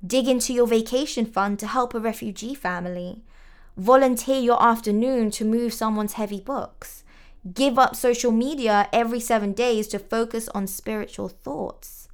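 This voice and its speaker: A woman reading a first-person devotional essay aloud in a calm, measured, reflective scripted narration. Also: a little high, clear, resonant tone.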